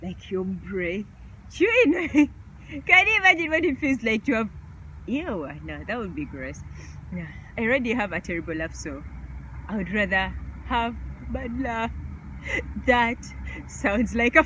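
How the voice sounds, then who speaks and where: A woman's voice: on the high side, sharp tone, lo-fi sound. A woman vlogger chatting casually through a question game, laughing often.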